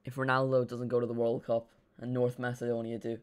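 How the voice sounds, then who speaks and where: Rambling streamer chatting about football. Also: male voice, medium pitch, brisk. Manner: rambling, excitable banter with viewers. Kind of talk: live football watch-along chat.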